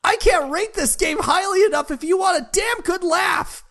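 A woman's voice: extremely high pitch, moderate pace, a bit bright. Spanky Spangler, a woman putting on a brash Welsh reviewer. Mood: rowdy. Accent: put-on Welsh. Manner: brash, rowdy, gleeful. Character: chipper crude Welsh woman game reviewer. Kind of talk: comic reading of a review in character.

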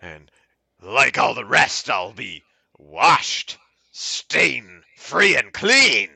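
A man co-hosting a comedy podcast, reading a poem aloud in a slow, mock-solemn way. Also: medium pitch, big pitch swings, gravelly, pushed and bright, breathy edge, dry recording. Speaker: podcast co-host reading poems. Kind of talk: comic dramatic poetry reading.

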